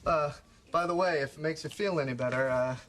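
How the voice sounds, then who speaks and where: A man's voice: fairly high pitch, fairly quick, a bit bright, lightly acted. An actor playing an awkward man who fumbles and backpedals in a sitcom scene. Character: awkward adult man flirting clumsily. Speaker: sitcom character.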